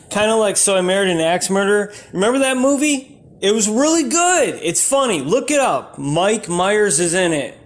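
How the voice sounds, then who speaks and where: A man doing rambling, absurd stand-up comedy in a deadpan way, breaking into sudden shouted outbursts. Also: high-pitched.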